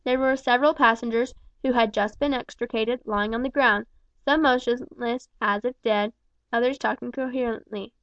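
A woman narrating a novel in a steady, measured reading. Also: a little high, no room sound. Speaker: audiobook reader. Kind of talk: scripted narration. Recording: dull, dry recording.

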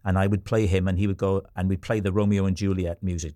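A man from Wales hosting a podcast, telling stories in an animated, chatty way. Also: deep voice, quick pace, no echo, studio quality. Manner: chatty, animated storyteller, trails off and restarts. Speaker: podcast host. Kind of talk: casual chat.

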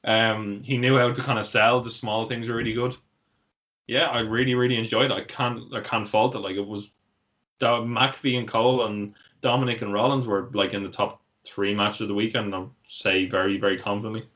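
A man's voice: lowish voice, little pitch movement, brisk, a bit bright, muffled recording. A man co-hosting a casual wrestling podcast, rambling with lots of fillers and easy laughs. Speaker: podcast co-host.

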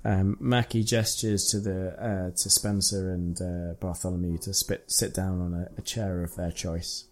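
A man narrating a tabletop game as game master, descriptive and measured with fillers. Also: low voice, level tone, soft background music.

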